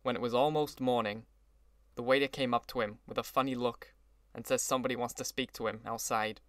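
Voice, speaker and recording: A man reading the part of an older gangster who is gloomy and sentimental, speaking slowly and broodingly. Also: mid-range voice, steady tone, fairly bright tone, no echo, studio quality, close to an everyday voice.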